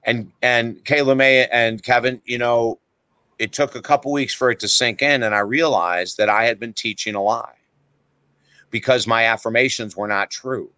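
A middle-aged man speaks with a bright, forceful tone, recorded close and dry with no room sound. He is a podcast guest, blunt and emphatic, who pokes fun at himself as he tells his stories. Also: mid-range voice, fairly even intonation, moderate pace, clean tone, no echo, poor audio. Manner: emphatic, blunt, self-deprecating. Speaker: guest author. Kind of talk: animated podcast storytelling.

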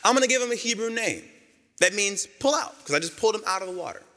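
Male preacher doing a squeaky excited princess, high and chatty, reverberant hall. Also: fast, heavily acted. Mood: delighted. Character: amazed young Egyptian princess finding a baby.

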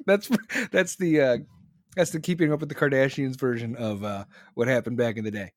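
A man's voice: medium pitch, fairly even intonation, a little fast, no echo, studio quality. A man in his forties in casual, profane, rambling chat, reading and answering comments from his audience.

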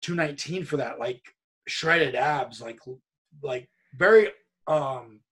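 A podcast guest from California, a wrestler and streamer, tells stories slowly in a somewhat high, husky voice. He's loose and animated, acting out quoted dialogue and repeating himself often as the anecdotes ramble on.

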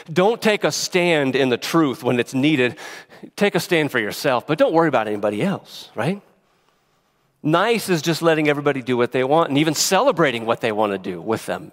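A man preaching a sermon in an earnest, emphatic way, often restarting his words. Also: medium pitch. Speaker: pastor.

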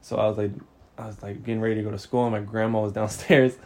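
A man's voice: fairly low pitch, little pitch movement, fast talker, a little mellow. Young guy on a podcast, slangy and cussing, laughs a lot as he tells it. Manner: slangy, profane, laughing storyteller. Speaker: podcast co-host. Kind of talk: casual storytelling chat.

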